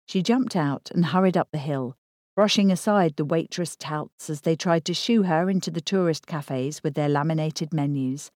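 A woman narrating a thriller novel in a steady, measured read. Her voice sits low and sounds mellow and warm, recorded close and dry with no room echo. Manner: measured, even storytelling. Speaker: audiobook narrator. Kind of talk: scripted narration.

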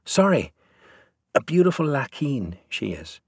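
A man's voice: medium pitch, sing-song, a little mellow, husky, no room sound, clean studio sound, pitched above the performer's own voice, heavily acted. A man voicing a scrappy, cheeky ten-year-old traveller boy in an audiobook reading. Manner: cheeky, fast garbled talk.

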